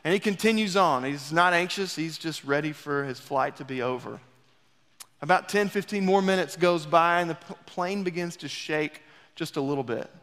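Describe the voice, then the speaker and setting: A man's voice: fairly high pitch, normal speed. Man preaching with hall reverb. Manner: dramatic storyteller, swings between loud rises and hushed drops. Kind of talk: sermon with storytelling. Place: church sanctuary. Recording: long reverb of a church hall.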